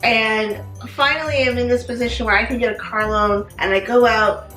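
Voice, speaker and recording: Bright, frank middle-aged mother. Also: fairly high pitch, fairly even intonation, normal speed. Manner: frank, chatty. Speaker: vlog guest, mother. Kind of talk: casual chat. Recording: roomy, slightly distant mic, faint music.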